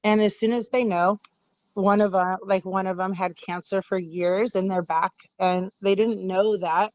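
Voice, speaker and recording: A woman's voice: medium pitch, steady tone, measured pace, a little mellow, no echo, muffled recording. A woman from the audience asking a question hesitantly, with many restarts.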